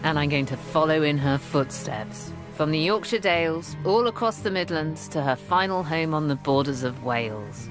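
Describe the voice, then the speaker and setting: Woman documentary host, lower register, animated delivery, music bed. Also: normal speed, few pauses. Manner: enthusiastic, expressive. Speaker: historian and curator presenting the programme. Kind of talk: documentary presenting and narration.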